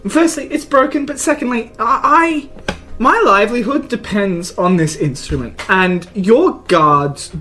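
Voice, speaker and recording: A woman's voice: on the high side, animated, moderate pace, fairly bright tone, soft background music. A woman player in a tabletop role-play game, talking in a playful, persuasive way.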